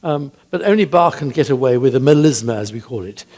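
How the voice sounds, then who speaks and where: An older man with a husky voice, a church composer telling chatty anecdotes about music, hesitant with frequent ums. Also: mid-range voice, expressive, fairly quick, darkish tone. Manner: chatty, hesitant with many ums, laughs at his own stories. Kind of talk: anecdotal talk.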